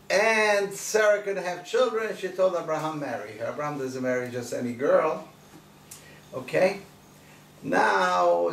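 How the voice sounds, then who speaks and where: A man's voice: on the high side, vocal fry. Man, rabbi, emphatic sermon, rhetorical questions, roomy room, distant mic. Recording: roomy distant recording, faint noise.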